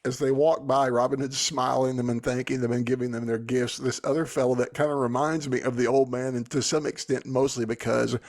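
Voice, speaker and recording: A man's voice: medium pitch, steady tone, brisk, hardly any pauses, a little mellow. A man co-hosting a book podcast, chatting casually and wandering off into apologetic digressions. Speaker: podcast co-host. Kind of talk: casual chat.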